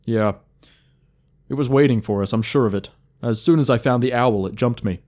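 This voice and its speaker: A man's voice: mid-range voice, normal speed, a little mellow, natural voice. A man doing a flippant, sweary young rogue. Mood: irritated. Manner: blunt and flippant.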